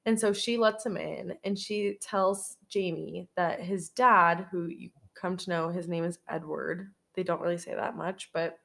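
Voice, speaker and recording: A woman's voice: fairly low pitch, steady tone, a little slow, vocal fry, hardly any pauses, fairly bright tone. Young woman on a podcast retelling a movie, laughs a lot, swears, just chatting. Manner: giggly, rambling, sprinkled with swearing. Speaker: podcast co-host. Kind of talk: casual chat recapping a film.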